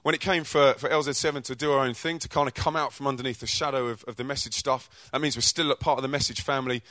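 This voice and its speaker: A man from England, telling energetic, chatty stories about his charity work to a church audience, with slang and quick restarts. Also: mid-range voice, no echo. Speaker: Christian rapper and charity co-director. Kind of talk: informal testimony talk to a church audience.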